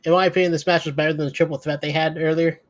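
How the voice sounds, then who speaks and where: A man's voice: on the high side, little pitch movement, very fast. A man co-hosting a podcast, giving a sleepy, profane, rambling recap of a wrestling show. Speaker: podcast co-host. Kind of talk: casual wrestling recap chat.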